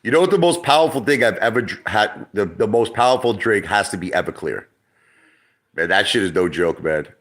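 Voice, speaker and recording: Deep-voiced New man rambling casually. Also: animated, a little fast, a bit bright. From Brooklyn, New York. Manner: rambling, profane, repeats himself. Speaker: livestream host. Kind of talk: casual livestream chat.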